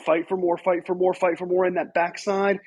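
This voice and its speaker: Man, fitness coach, guided exercise, energetic cues, breathy tone. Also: sits high, brisk.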